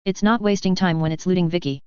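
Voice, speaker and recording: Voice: medium pitch, steady tone, fast talker, a little mellow, clean tone, no echo, highs cut off, lightly acted. A storyteller reading an impatient, loot-hungry teenage boy mercenary with a whiny edge.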